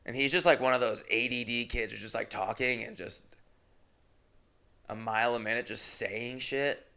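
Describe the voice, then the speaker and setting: A man's voice: medium pitch, moderate pace, vocal fry, sharp tone. A young man, a comedian and podcast host, telling a crude, brash, profane anecdote. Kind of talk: comedic storytelling.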